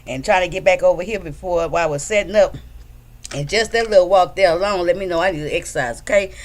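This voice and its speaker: A woman's voice: lowish voice, fast talker. A woman hosting a casual livestream from home, chatting loosely and greeting her viewers by name. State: a bit out of breath. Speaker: livestream host.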